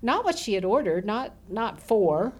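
A middle-aged woman from Southern Nevada, a guest telling animated stories in casual conversation with frequent laughter. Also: medium pitch, measured pace, slightly rough. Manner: animated storyteller who laughs often. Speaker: interview guest. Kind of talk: casual storytelling.

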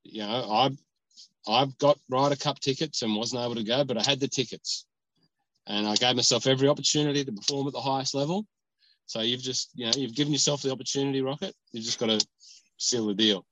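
A man's voice: medium pitch, a little fast, fairly bright tone, dry recording, low-quality recording. A man chatting as a podcast host, rambling and joking while sitting in a parked car. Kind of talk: casual chat.

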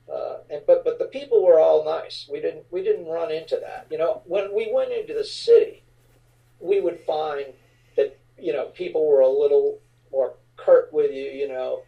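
A middle-aged man from the New Orleans area, a rock frontman telling stories in an interview, relaxed and rambling with many fillers. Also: fairly high pitch, gravelly, recorded from a distance, dull audio. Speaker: rock band frontman, guest. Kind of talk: casual interview storytelling.

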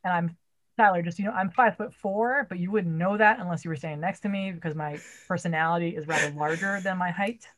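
Talking quickly in a fairly low voice, this theater rigger from Massachusetts, a woman in her forties with the local accent, chats on a podcast. She's loud and blunt and curses constantly.

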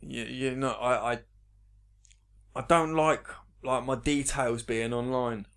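A man, co-hosting a podcast in casual chat, animated and swearing, with lots of stammered restarts. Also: medium pitch, slow, creaky, smooth. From England. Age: 30s. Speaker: podcast co-host.

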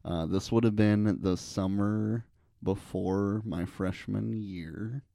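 A man in his thirties co-hosting a casual podcast, relaxed and reminiscing about his youth. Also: fairly low pitch, takes it slowly, gravelly, no echo, clean studio sound. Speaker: podcast co-host. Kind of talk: casual chat.

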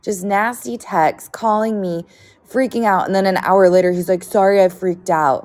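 A woman's voice: medium pitch, steady tone, moderate pace, darkish tone, a little hiss or hum. A woman co-hosting a podcast, venting in casual chat with frequent swearing. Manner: exasperated venting, profane. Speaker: podcast co-host.

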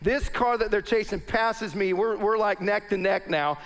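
A man's voice: sits high, normal speed. A middle-aged pastor, telling a personal story to his congregation as part of a sermon. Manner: animated storyteller addressing a congregation.

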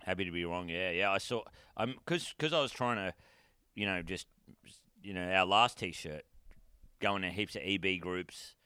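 A man's voice: low voice, moderate pace, pushed and bright, smooth, no echo, clean studio sound. An Australian man co-hosting a podcast in casual chat, laid-back and rambling, swearing freely. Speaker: podcast co-host.

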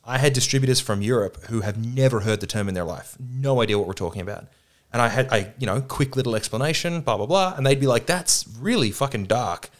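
Speaking quickly at a medium pitch, this man is a film producer chatting casually on a podcast with two others around a table. He curses without restraint and performs the quotes in his stories.

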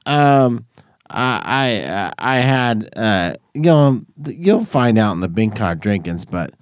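A man's voice: fairly low pitch, lively intonation, slow pace, a little hiss or hum. A man hosting a podcast from a garage studio, rambling and laughing through tipsy banter. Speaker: podcast host. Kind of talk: casual chat.

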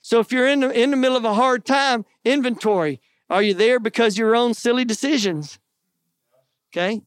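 A man's voice: very high-pitched, fairly quick, dry recording. A middle-aged man preaching a sermon in an earnest, conversational way, with folksy asides to the congregation. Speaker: pastor.

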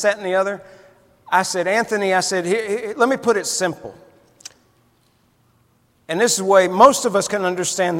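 A man preaching in a voice pitched high for a male tells folksy stories in his sermon, building toward fervent emphasis. His words echo with a long reverb through a large church hall.

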